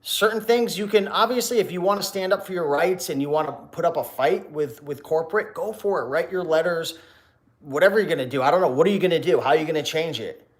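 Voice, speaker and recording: A reseller YouTuber talks fast in a high voice while hosting a casual livestream. He addresses viewers preachily, throwing out rhetorical questions and repeatedly restarting his words.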